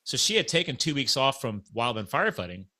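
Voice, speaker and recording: A man casually telling a long story in a podcast chat, animated and acting out the dialogue of people he met. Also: medium pitch, fast talker. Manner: animated, acts out quoted dialogue.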